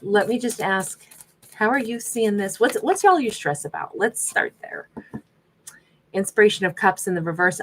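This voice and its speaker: A woman doing a tarot reading in a sassy, animated way, acting out what the people in the cards might say. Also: mid-range voice, moderate pace, slight background noise, low-quality recording. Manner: sassy, animated, voices imagined quotes. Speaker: tarot reader.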